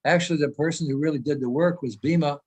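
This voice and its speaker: A US man in his eighties, speaking as a senior devotee, gives an emphatic, meandering informal talk in a meeting held by video call. His voice is slightly high with a darkish tone and a quick pace, and the recording is rough.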